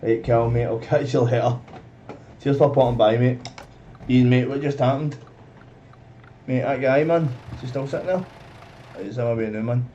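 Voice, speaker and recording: A man's voice: medium pitch, moderate pace, pauses often, mellow, muffled recording, a little hiss or hum. A man live-streaming a driving game, chatting to viewers in slangy banter and calling everyone mate. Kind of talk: casual live-stream chat while driving.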